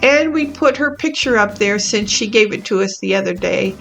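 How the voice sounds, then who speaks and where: A woman hosting her own gaming channel, talking through a cozy life-sim game in a gentle, chatty and easily amused way. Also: medium pitch, animated, moderate pace, creaky, soft background music. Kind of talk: casual gameplay commentary.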